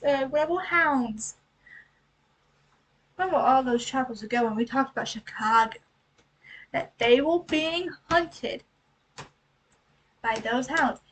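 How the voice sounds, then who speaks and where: Woman vlogger, high voice, mic set back from her; breezy recap full of "right?" and quick asides. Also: slightly rough, far from the mic, poor audio. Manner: chatty, rhetorical questions, acts out lines in quick asides. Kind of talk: casual book recap and analysis.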